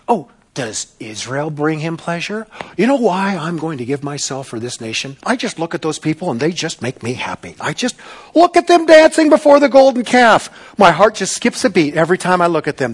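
A male pastor preaching a sermon, dramatic and sarcastic, swinging between loud bursts and hushed asides. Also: a little high, very animated, moderate pace, breathy edge.

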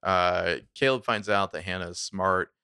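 Podcast co-host, male, very low gravelly voice, laid-back and chatty. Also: normal speed, pushed and bright, no room sound, clean studio sound. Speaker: podcast co-host recapping a TV episode. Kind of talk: casual chat.

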